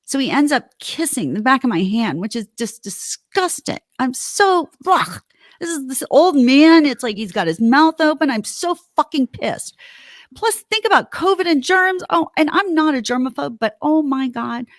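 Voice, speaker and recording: Indignant woman with a lively, high voice. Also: normal speed, dry recording, clean studio sound. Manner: heated, indignant storytelling with swearing. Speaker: podcast host. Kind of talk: casual podcast chat.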